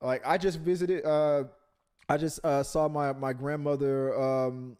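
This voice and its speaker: A man's voice: on the high side, fairly even intonation, a little slow, a little mellow, clear, resonant tone. Man from Texas hosting a casual chat. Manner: hesitant, many restarts. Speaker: podcast host.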